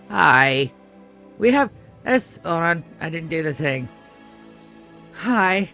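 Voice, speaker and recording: A woman's voice: lowish voice, lively intonation, slow pace, gravelly, long pauses, pushed and bright, soft background music. A woman streamer in casual live-stream chat, groggy with her morning voice, rambling, swearing freely and chatting to her cat. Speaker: game streamer.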